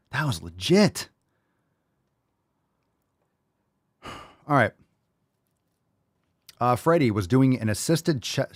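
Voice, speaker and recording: A young man answers listener questions on a live fitness podcast, easygoing but prone to loud, profane bursts of hype. His voice sits fairly low, and the sound is close and dry with no room echo. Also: creaky. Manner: loud hype, swearing, hyped-up energy. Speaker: podcast host. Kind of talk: live call-in Q&A.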